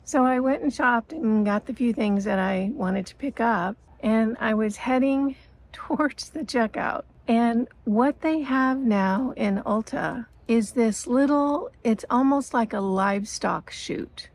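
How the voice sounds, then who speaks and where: A woman's voice: fairly high pitch, takes it slowly, darkish tone, poor audio. A woman in her sixties talking to her viewers in a reflective, earnest monologue, telling personal stories with emotion and frequent laughter. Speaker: lifestyle vlogger.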